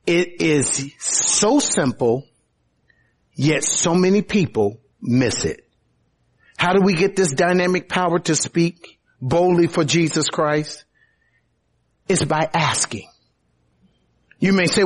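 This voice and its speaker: A man preaching a sermon in a husky, high voice that swings widely in pitch. He talks slowly and emphatically, leaning on rhetorical questions and dramatic turns. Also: animated.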